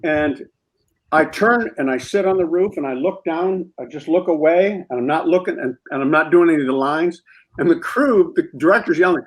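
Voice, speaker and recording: Male guest, animated anecdote teller, slightly high voice. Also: normal speed, poor audio. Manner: animated storyteller who acts out quotes. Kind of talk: comedic anecdote on a talk show.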